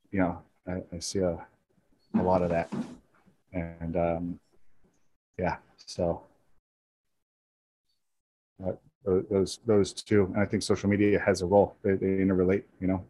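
A man guest on a podcast, telling stories casually and getting animated as he laughs. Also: low voice, unhurried, long pauses. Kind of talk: casual storytelling.

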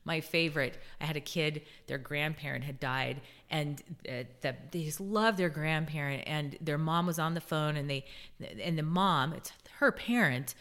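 A woman's voice: sits low, moderate pace, fairly bright tone. A middle-aged woman co-hosting a podcast, talking earnestly and telling stories from her own family life. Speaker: podcast co-host. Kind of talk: casual podcast conversation.

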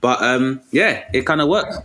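A man's voice: medium pitch, normal speed, slight background noise. A man, a comedian talking articulately and animatedly in a casual conversation. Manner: articulate, animated storytelling with put-on voices.

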